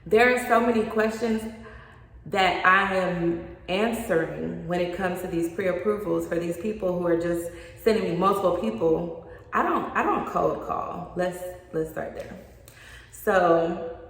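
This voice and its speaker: A woman's voice: on the low side, a little slow, vocal fry. A woman in her thirties, a loan officer, giving frank and emphatic advice straight to camera, repeating points for stress. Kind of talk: direct-to-camera advice vlog. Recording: very echoey room with long reverb.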